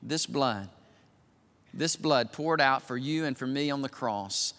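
An older man preaching as a pastor, moving from quiet musing to loud, emphatic declarations. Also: medium pitch, a little slow. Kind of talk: sermon. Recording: long reverb of a large hall.

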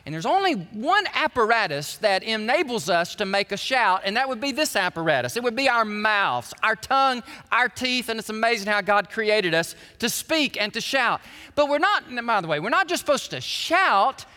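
Animated pastor preaching in a hall. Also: male voice, sits high, moderate pace. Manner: animated, swings from quiet prayer to loud shouting. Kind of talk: sermon. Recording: reverberant hall.

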